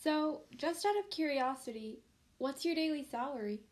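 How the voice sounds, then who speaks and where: High-voiced woman co-host asking questions. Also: moderate pace. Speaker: podcast co-host. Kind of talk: comedy sketch interview.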